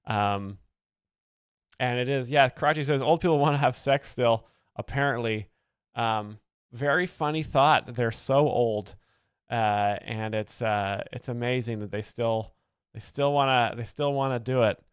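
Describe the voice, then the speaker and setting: A man giving earnest, rambling, deadpan mock-expert commentary as a comedy show host, close to the mic. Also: medium pitch, measured pace, smooth, no room sound.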